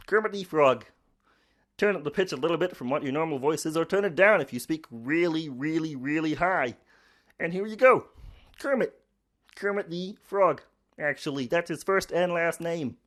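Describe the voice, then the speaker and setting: A woman's voice: lowish voice, voice pushed up, natural voice. A woman doing an impression of a cheerful male frog puppet, with a nasal, honking voice. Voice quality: nasal honk.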